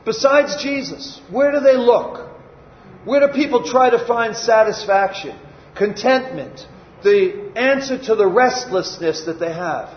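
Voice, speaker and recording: A man's voice: high voice, animated, measured pace, slight background noise. An older man preaching a sermon in a folksy, conversational way, asking his congregation questions and answering them himself. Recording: echoey room, slightly dull sound.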